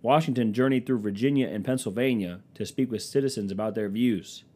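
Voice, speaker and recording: A young man chatting casually and comically as a podcast host, rambling and swearing, with quick dips into silly voices. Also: mid-range voice, a little mellow. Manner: rambling, profane, slips into silly quoted voices. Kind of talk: casual comedic chat.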